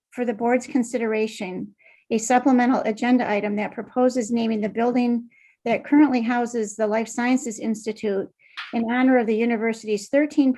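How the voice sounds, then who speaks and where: A woman's voice: a little high, darkish tone, slight background noise, low-quality recording. Woman reading a formal board statement. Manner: reads a prepared statement, emotional at moments. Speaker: university vice president.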